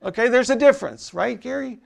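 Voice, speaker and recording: Pastor, male, high gravelly voice, unhurried and emphatic, chatty church sermon. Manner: emphatic, conversational preaching with asides to the congregation.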